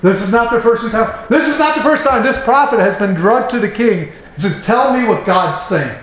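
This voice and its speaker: A man's voice: high-pitched, lively intonation, fairly quick, fairly bright tone. A man in his forties reading Bible verses aloud and breaking in with casual asides. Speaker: Bible teacher. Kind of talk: informal Bible reading and commentary. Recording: very echoey room.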